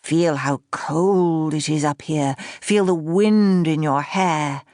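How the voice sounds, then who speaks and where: A woman's voice: low voice, darkish tone, no room sound, clean studio sound. A woman voicing a velvety-drawling uncle. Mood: dreamy. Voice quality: smooth, velvety conductor's drawl. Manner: slow, theatrical storytelling. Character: playful middle-aged male uncle, velvety drawl. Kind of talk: audiobook character voice.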